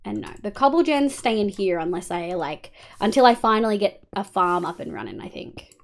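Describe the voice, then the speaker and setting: A woman's voice: medium pitch, big pitch swings, fairly quick, creaky. An Australian woman streaming a game live, talking casually and swearing often as she chats with viewers over a headset.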